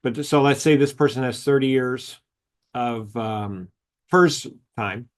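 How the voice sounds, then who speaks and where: A man's voice: mid-range voice, a little slow. A man presenting a seminar on government retirement benefits, explaining formulas in a chatty way and telling anecdotes. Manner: chatty, tells anecdotes, acts out dialogue.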